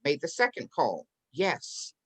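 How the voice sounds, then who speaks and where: A woman guest tells her story with lively energy and slips into the voices of the people she quotes. Her speaking voice sits a little low for a woman. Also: moderate pace. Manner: animated storyteller who acts out quoted voices. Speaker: real estate investor and business owner, interview guest. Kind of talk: storytelling in an interview.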